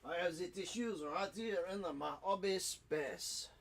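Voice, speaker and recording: A man's voice: high-pitched, drawn-out words, pushed and bright, slight background noise, pitched above the performer's own voice, heavily acted. A bumbling, mock-serious Frenchman with a thick, ridiculous accent, put on by a man with a stuffy nose. He trades daft questions and answers with himself in an exaggerated comic voice. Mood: hammy. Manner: silly, mock-serious back-and-forth.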